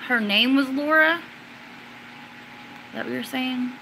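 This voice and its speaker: A woman hosting a casual question-and-answer stream, rambling with many fillers and restarts, and at times suddenly getting excited and loud. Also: sits high, slow, gravelly, a little hiss or hum, rough recording. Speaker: livestream host answering viewers. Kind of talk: casual chat.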